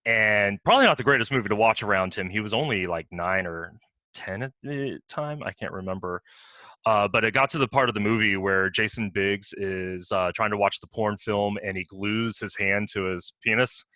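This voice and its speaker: Bright-voiced man chatting, dry sound. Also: lowish voice, moderate pace, dry recording. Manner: relaxed, laughs often, short agreeing replies. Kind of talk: casual chat.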